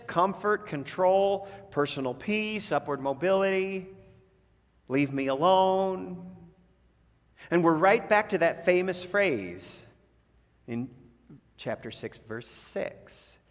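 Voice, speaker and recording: A man preaching a sermon as pastor. He rises in pitch and force on key phrases and drops low to close his thoughts. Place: church sanctuary. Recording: long church reverb.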